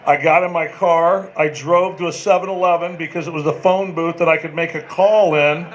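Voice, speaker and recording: High-voiced man telling folksy stories. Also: steady tone, moderate pace, lo-fi sound. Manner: folksy, detailed anecdotes, addresses others by name. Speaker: former player and manager, panel guest. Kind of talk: storytelling at a live panel.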